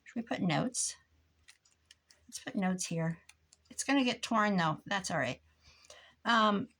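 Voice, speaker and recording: An older woman, a crafting vlogger, rambles casually in a mock-grumpy way while working on a craft project. Her voice is mid-range and a little bright.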